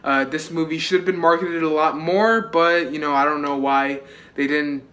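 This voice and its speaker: A man's voice: a little high, fairly even intonation, moderate pace, a bit bright. A young man reviewing a movie in a casual vlog, chatty, with many fillers and frequent swearing.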